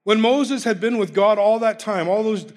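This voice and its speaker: A man's voice: high voice, normal speed, a little mellow. A man preaching a sermon, emphatic, repeating key phrases and laughing between points.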